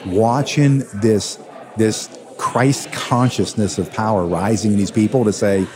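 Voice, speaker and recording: A man who hosts a radio show, telling stories in an interview with animated, emphatic delivery. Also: fairly low pitch, measured pace. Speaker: radio host and attorney, guest. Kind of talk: conversational storytelling interview. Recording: crowd chatter behind.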